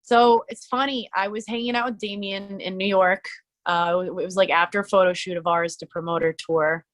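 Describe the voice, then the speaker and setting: A woman's voice: mid-range voice, fairly even intonation, moderate pace. Young woman, podcast guest. Loose, chatty storyteller, heavy on fillers. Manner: rambling, lots of "like" fillers, laughing. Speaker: musician and streamer, podcast guest. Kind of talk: casual interview chat.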